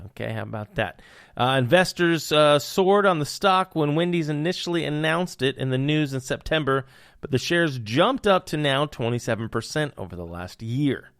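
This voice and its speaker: A man's voice: on the high side, lively intonation, normal speed, fairly bright tone, clean tone, dry recording, studio quality. A young man hosting a podcast, riffing on news with puns and hyped, jokey asides. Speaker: podcast host. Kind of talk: comedic news commentary.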